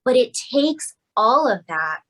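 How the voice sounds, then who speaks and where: A woman's voice: a little high, big pitch swings, takes it slowly, fairly bright tone, rough recording. A woman pharmacist from Hawaii, a podcast guest, explaining her work with emphatic enthusiasm. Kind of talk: casual interview talk.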